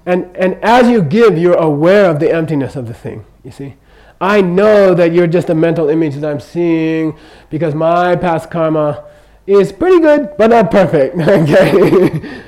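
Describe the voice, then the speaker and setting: Speaking a little slowly and with few pauses, an older man with a darkish, slightly high voice gives a chatty, joking Buddhist teaching. He drifts into asides and keeps checking in with "okay?", sounding conversational, not preached, on a low-quality recording.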